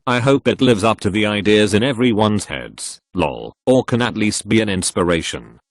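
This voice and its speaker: A man narrating online posts aloud, reading the text literally and even spelling out links and web slang. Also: lowish voice, moderate pace, no echo, clean studio sound.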